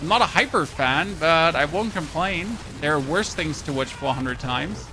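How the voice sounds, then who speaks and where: A man with a German accent rambles through casual stream chatter, swearing now and then and laughing at his own jokes. His voice sits a little on the high side. A steady layer of background noise runs under him. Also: moderate pace. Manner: rambling, talks to chat, swears, laughs at himself. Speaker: game streamer. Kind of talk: casual live-stream chat.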